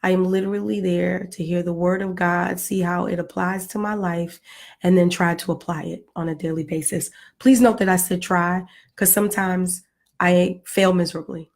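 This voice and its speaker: A woman's voice: fairly low pitch, steady tone, moderate pace, creaky, a little mellow. A middle-aged woman talking to her viewers in a casual, heartfelt vlog, earnest and pleading, with playful asides. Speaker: vlogger.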